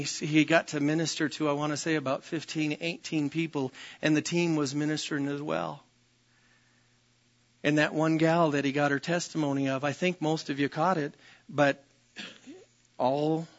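A man preaching a sermon with emphatic repetition, often asking his congregation "Amen?". His voice sits fairly high for a man. The recording is dull and lo-fi. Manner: emphatic, repeats phrases, calls out "Amen?" to the congregation. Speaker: pastor.

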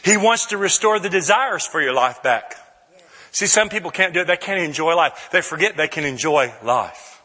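A man preaching in a large church hall, his high voice ringing with long reverb. He reads scripture slowly, then climbs into loud, shouted emphasis. The tone is bright and forceful. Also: animated. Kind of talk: sermon.

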